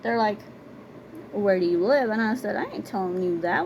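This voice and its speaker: A woman's voice: mid-range voice, normal speed, gravelly, darkish tone, highs cut off, a little hiss or hum. A young woman telling personal stories in a casual vlog, blunt and conversational, repeating words for emphasis. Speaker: storytime vlogger. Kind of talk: casual storytelling.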